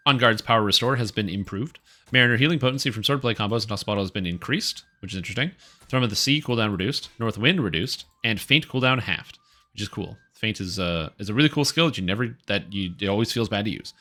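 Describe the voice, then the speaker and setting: Animated, bright-voiced male game streamer. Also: fairly low pitch, fast. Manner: rambling, offhand and opinionated, with frequent fillers. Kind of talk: casual live-stream commentary.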